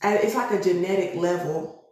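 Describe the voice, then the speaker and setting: A woman's voice: on the low side, normal speed, darkish tone. A woman giving a live-streamed tarot reading, preachy and emphatic, often checking in with her listeners with "okay?". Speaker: tarot reader. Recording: very echoey room.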